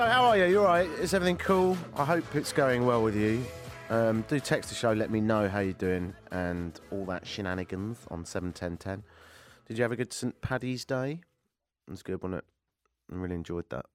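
A man's voice: deep voice, no echo, studio quality. A British man in his forties hosting a radio show, chatting in a rambling, self-mocking way. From Britain. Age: 40s. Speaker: radio host. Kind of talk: casual radio monologue.

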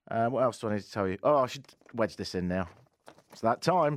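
A male radio host with a lively, swinging delivery, teasing and joking through casual studio banter. His voice is dry and close to the mic, with no room around it. He keeps a cheeky, playful tone the whole way through. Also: mid-range voice, fast talker, no echo. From England. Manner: cheeky, jokey, animated. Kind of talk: casual comedic radio chat. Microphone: studio microphone.

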